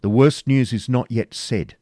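A man's voice: mid-range voice, fairly even intonation, a little slow, mellow, no room sound, clean studio sound, pitched above the performer's own voice, lightly acted. A man voicing a battle-worn knight in an audiobook reading, speaking in grave, blunt courtly phrasing. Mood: grim.

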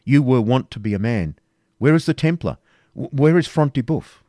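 A man's voice: mid-range voice, lively intonation, moderate pace, warm tone, no room sound, voice pushed up, close to an everyday voice. A man voicing a calculating royal counsellor in an audiobook reading, speaking in formal old-fashioned phrasing. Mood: alarmed. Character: scheming adult male royal counsellor, cool and calculating.

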